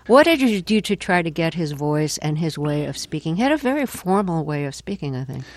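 An interviewer with a mid-range voice asks engaged, prompting questions in a relaxed conversational interview. The sound is dry and close to the microphone. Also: mid-range voice, brisk, dry recording.

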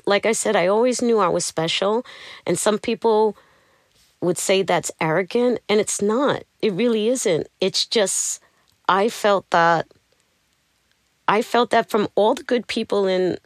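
A woman's voice: medium pitch, unhurried, no echo, studio quality. A woman, telling her life story as an interview guest and acting out the people in it. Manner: animated, acts out the voices of people in her stories.

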